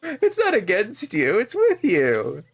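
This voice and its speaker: Joking, lively-voiced guest gamer man. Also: sits high, slow pace, vocal fry. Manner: joking, laughs a lot, slips into goofy bits. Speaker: guest co-player on a stream. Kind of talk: casual gaming chat.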